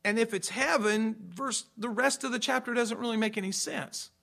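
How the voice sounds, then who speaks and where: A man's voice: very high-pitched, moderate pace, creaky, bright, forceful tone. A man preaching a sermon as pastor, emphatic, repeating his points and checking that listeners follow.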